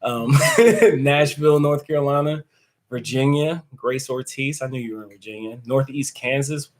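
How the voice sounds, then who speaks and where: A man's voice: medium pitch, steady tone, normal speed, poor audio. A man hosting a casual live stream who answers viewer comments and laughs often. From United States. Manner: chatty and joking, laughs often.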